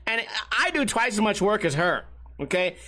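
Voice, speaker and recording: A man's voice: sits high, big pitch swings, normal speed, bright, forceful tone, heavily acted. A man voicing a complaining young woman on the phone who rambles about petty gossip from work. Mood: whiny.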